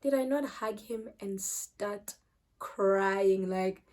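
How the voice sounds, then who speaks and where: A young woman with a South African accent telling a personal story in casual vlog chat, switching between loud bursts and quiet trailing phrases. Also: mid-range voice, slow pace. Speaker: vlogger.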